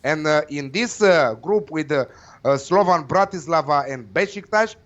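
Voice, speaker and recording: A man's voice: a little high, animated, moderate pace, a bit bright. Hesitant man, muffled audio. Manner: hesitant, many uh fillers, confident opinions. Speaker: football betting pundit. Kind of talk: casual panel chat.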